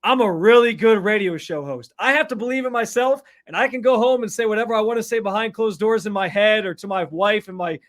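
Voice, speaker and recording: A man's voice: sits high, steady tone, fast, hardly any pauses, a bit bright. A young man co-hosting a sports radio show, casual and self-deprecating. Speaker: radio co-host.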